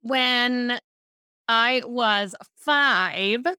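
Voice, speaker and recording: A woman from Baltimore, a speaking coach, telling lively stories as a podcast guest. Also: a little high, very slow, smooth, dry recording, clean studio sound. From Baltimore, USA. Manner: lively storyteller, animated asides. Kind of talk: casual podcast interview.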